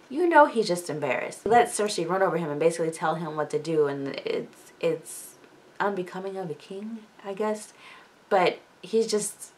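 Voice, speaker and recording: Chatty young woman recapping a book. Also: on the low side. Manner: chatty, paraphrases characters in quick quoted asides, swears casually. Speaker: book discussion host.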